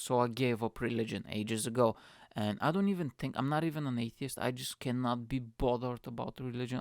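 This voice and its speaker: Gravelly, cursing man. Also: medium pitch, no room sound, clean studio sound. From Bulgaria. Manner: profane, animated, lots of fillers. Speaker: podcast host. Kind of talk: casual comic rant.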